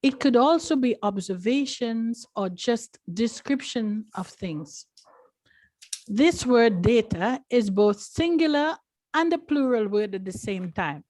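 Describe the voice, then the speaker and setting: A woman's voice: fairly high pitch, expressive, takes it slowly, darkish tone, dry recording. Woman explaining a word, dry sound. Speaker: grammarian at a club meeting.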